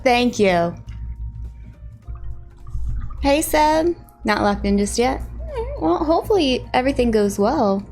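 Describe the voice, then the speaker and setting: A woman streaming live, chatting casually and greeting her viewers one by one, with bursts of excitement. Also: high-pitched, unhurried, pauses often, faint music behind.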